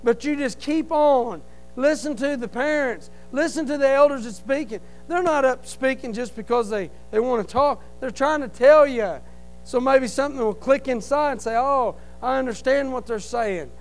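A middle-aged man giving an impassioned testimony in church, pleading and rising to shouts. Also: very high-pitched, moderate pace, poor audio. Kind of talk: preaching testimony.

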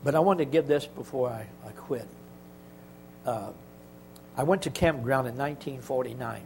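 An older man giving a church testimony, telling stories in a halting, folksy way with many restarts. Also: medium pitch, creaky, a little mellow, a little hiss or hum, poor audio. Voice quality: halting, rambling delivery with frequent restarts.

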